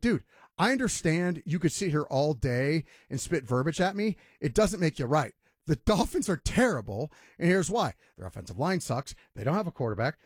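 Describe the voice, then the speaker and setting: A man's voice: high voice, no echo, studio quality. A man hosting a sports talk radio show, ranting emphatically and mocking others in voiced quotes.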